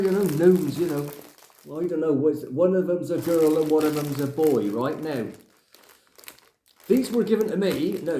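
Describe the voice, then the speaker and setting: A man's voice: a little high, mellow, slight background noise, lightly acted. A man playing a grumpy older Englishman who rambles and rants in a comic monologue, tagging his lines with "right?". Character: grumpy older Englishman ranting about clutter. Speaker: comic character. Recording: echoey room.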